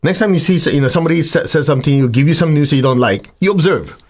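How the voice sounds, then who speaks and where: A man giving a spiritual talk to his students, animated and acting out the voices of students and of himself. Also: a little high, rapid-fire. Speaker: spiritual teacher.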